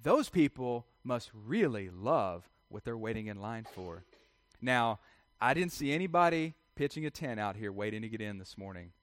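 A man's voice: fairly low pitch, big pitch swings, moderate pace, dry recording. A man preaching a sermon in church, conversational and full of rhetorical questions. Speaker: pastor.

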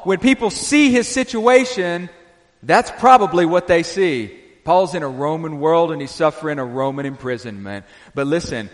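High-voiced preaching man in a reverberant hall. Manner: emphatic preaching, dropping to quiet intensity at phrase ends. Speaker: pastor. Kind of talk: sermon. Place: church sanctuary.

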